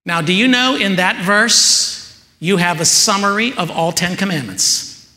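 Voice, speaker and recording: A man preaching a sermon as pastor, slow and emphatic, often building to rising rhetorical questions. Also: sits high, animated, pushed and bright. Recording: echoey hall with long reverb.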